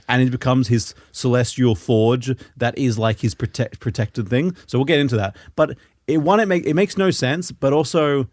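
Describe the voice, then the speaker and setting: A man hosting a casual podcast chat, explaining comic lore with laughs, swearing and quick acted-out asides. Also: mid-range voice, no echo, studio quality.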